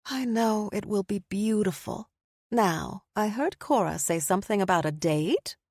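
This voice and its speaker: Woman reading a gentle, kindly woman. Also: medium pitch, expressive, a little slow, no room sound, clean studio sound.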